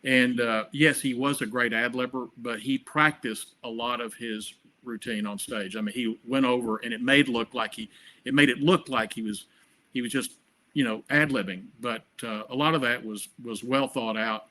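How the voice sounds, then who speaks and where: A man's voice: mid-range voice, fairly even intonation, normal speed, sharp tone. A man being interviewed as a guest, telling chatty, rambling anecdotes full of restarts. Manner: chatty, filler-heavy with repeated restarts. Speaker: guest, comedy award producer.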